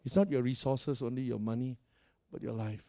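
A man preaching a sermon as pastor of a church, calling out to the congregation and swinging between soft and loud. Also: medium pitch, a little fast. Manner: preaching with call-and-response and dramatic swings in volume.

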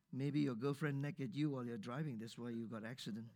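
A man's voice: medium pitch, brisk, few pauses. A man preaching a sermon who repeats his key lines for emphasis and keeps asking the congregation for a response. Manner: call-and-response, emphatic repetition. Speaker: pastor.

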